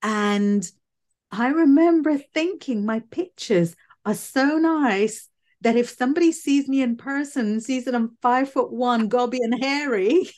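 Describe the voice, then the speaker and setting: A woman from the UK with a quirky, unusual voice, chatting loudly as a guest over a video call. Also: a little high, measured pace. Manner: loud, chatty, laughs often. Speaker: guest psychic medium. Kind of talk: casual interview chat.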